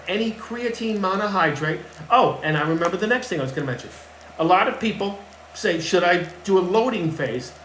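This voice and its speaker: A man's voice: a little high, a bit bright, slight background noise. Blunt, emphatic male fitness coach. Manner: blunt, emphatic, repeats key points. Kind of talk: casual advice talk to camera. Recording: echoey room with faint ambience.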